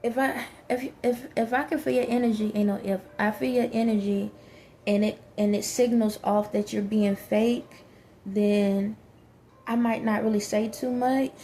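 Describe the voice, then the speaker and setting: A woman's voice: medium pitch, fairly even intonation, a little slow, mellow, slight background noise. A woman talking frankly and emphatically in a casual monologue, with many fillers. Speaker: vlogger.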